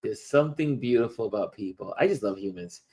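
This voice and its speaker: A middle-aged man hosting a casual livestream, musing warmly to viewers as he shows photos. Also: on the low side, lively intonation, slightly rough. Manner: slow, musing, talks to viewers while showing photos. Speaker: livestream host.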